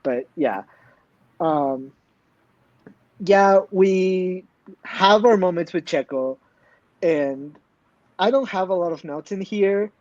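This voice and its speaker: A man with a high voice chats casually as a podcast co-host, blunt and emphatic, cursing freely. His voice is dry and close, with a slightly dull, lo-fi sound. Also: slow pace, long pauses, darkish tone, dry recording. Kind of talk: casual recap chat.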